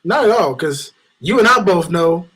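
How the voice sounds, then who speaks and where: A laid-back man joins a casual wrestling review chat, laughing often and drawing out his quotes. His voice sits a bit higher than most men's. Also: animated, moderate pace, a bit bright, husky, poor audio. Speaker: podcast guest.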